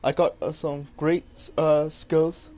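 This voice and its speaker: A man's voice: on the high side, level tone, slow pace, dark tone. A man doing casual gaming commentary, rambling and swearing while he reads his chat. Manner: rambling, swearing, many restarts. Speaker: gaming streamer.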